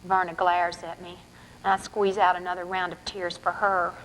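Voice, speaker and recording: A woman's voice: on the low side, moderate pace, a little hiss or hum, rough recording. Woman reading her novel aloud. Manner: lively, sly storyteller. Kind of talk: first-person storytelling reading.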